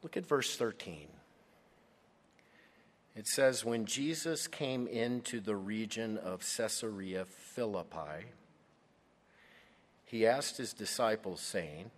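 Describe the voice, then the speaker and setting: A man's voice: on the low side, animated, slow pace, long reverb tail. A man preaching a Bible study sermon, leaning hard on key words for emphasis. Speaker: pastor.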